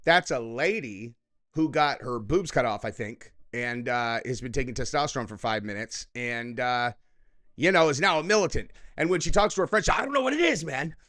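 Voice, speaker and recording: Combative, profane commentary host. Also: male voice, mid-range voice, moderate pace, a bit bright. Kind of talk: reaction commentary rant.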